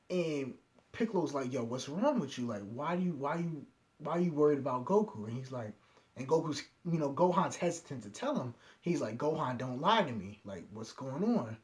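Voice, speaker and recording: A man's voice: mid-range voice, lively intonation, darkish tone. Man, young adult, casual recap, quoted character bits, mid-range voice. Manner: retells scenes with quick quoted impressions of characters. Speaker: anime reviewer.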